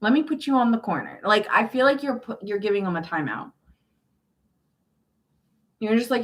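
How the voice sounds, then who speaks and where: A woman's voice: a little high, animated, normal speed, long pauses. A woman giving a casual tarot reading, talking in a chatty, emphatic way, restarting and repeating phrases and turning blunt and exasperated. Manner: blunt and exasperated, swears in quoted asides. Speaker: tarot reader.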